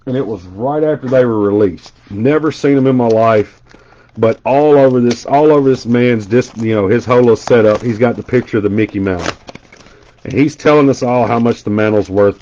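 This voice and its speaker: A chatty man hosts a live card break, swapping stories and rattling off cards as they come out. His voice sits at a middling pitch, and the audio is slightly muffled and lo-fi. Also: fairly quick, warm tone, slight background noise. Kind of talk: casual live stream chat.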